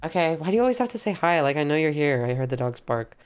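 Young female streamer, low-pitched but lively, hyper and theatrical, home bedroom setup. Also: quick pace, smooth, faint music behind. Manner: hyper, playful, mock-dramatic. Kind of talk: casual live-stream chat.

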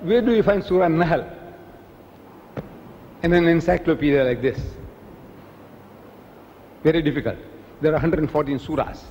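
A man preaching in a public lecture, lively and emphatic, firing rhetorical questions and repeating key words. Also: a little high, moderate pace, pauses often, long reverb tail, slight background noise, low-quality recording. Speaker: Islamic preacher and debater.

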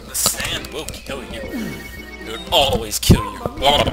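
Young male gamer, nasal, rambling let's-play commentary with loud game music behind him. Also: medium pitch, a little slow. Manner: rambling, swearing, self-mocking asides. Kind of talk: casual gameplay commentary.

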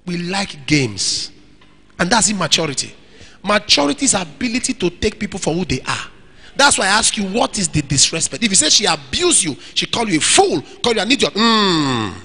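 Lively, high-voiced man preaching. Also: breathy edge. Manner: lively, emphatic, acts out quoted dialogue. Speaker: pastor. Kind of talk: sermon with audience Q&A. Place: church hall.

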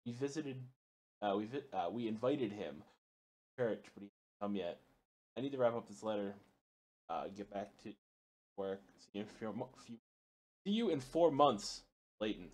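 A man with a fairly low voice plays through a horror game, reading notes aloud in a halting way that trips over words and starts again. He breaks off to swear or yelp when something startles him. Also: a little mellow. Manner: reads in a halting way, stumbling and restarting words. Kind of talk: let's play commentary.

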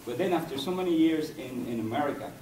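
This is a Cuban man, Spanish his first language, giving a university lecture in English as a poet, his medium-pitched voice animated. Delivery is halting and digressive as he hunts for words; the echoey room and distant mic add faint hiss.

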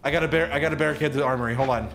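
A man playing a team game, barking loud, jumpy callouts to his friends. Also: medium pitch, racing. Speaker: gamer. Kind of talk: gaming banter. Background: background music.

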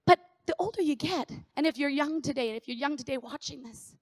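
A middle-aged woman pastor preaching a sermon in an animated, conversational way, repeating phrases for emphasis. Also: sits high, quick pace, no echo, studio quality.

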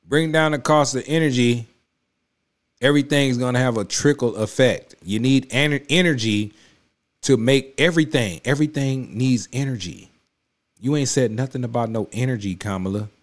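A man's voice: mid-range voice, normal speed. Emphatic man reacting to a political clip. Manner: emphatic, repetitive, conversational street talk; addresses the clip directly with rising heat. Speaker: reaction video host. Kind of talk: casual political reaction commentary. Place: home studio.

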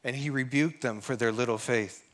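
A middle-aged man preaching a sermon in an earnest way, slowing down to sing and quote scripture. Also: medium pitch, a bit bright, a little hiss or hum.

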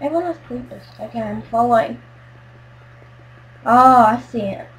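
A woman hosting a gaming video, talking through her play in a casual, excitable way and yelling when frustrated. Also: a little high, moderate pace, a little hiss or hum, poor audio. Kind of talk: casual game commentary.

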